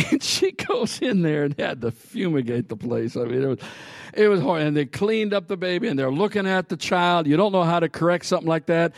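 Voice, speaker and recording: Male preacher, higher voice, dry close sound, animated storyteller who laughs a lot and rallies the congregation. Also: moderate pace, no echo. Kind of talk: sermon with humorous storytelling.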